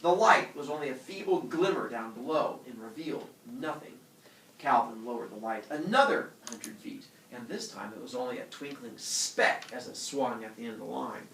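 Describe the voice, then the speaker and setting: Animated man reading a story to a class. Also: mid-range voice, normal speed, a little hiss or hum. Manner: animated, stops to explain words and quiz students. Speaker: teacher. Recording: echoey classroom from far off.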